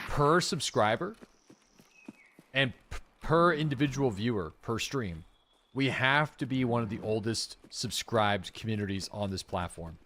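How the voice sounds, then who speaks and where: Chatty male gaming streamer. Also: mid-range voice. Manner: relaxed and chatty, with frequent fillers and asides to chat; thanks subscribers by name with warm enthusiasm. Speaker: livestreaming gamer and host. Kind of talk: casual live-stream gameplay chat.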